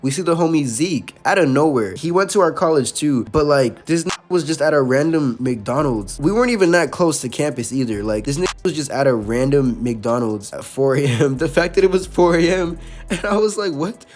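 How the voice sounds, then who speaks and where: A man's voice: a little high, a little fast, faint music behind. Young man telling a slangy story. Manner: slangy, laughing, animated asides. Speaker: storytime host. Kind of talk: casual storytelling.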